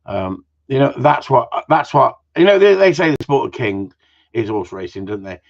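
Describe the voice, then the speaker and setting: A man's voice: medium pitch, expressive, moderate pace, vocal fry. Rambling, jokey man on a muffled stream. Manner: rambling, jokey, swears freely, tag questions. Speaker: host of a live Q and A. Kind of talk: casual live-stream chat. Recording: muffled lo-fi audio.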